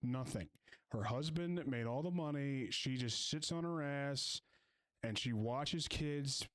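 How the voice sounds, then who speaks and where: A man's voice: medium pitch, slow pace, fairly bright tone. A man from the Philadelphia area hosting a reaction video, mocking and ranting in a sarcastic tone. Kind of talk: reaction commentary.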